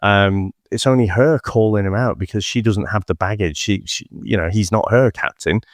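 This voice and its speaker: Brief low male voice, rambling podcast co-host, dry close sound. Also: normal speed, no room sound. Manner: rambling, many "you know" fillers and restarts. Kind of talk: casual film-podcast chat.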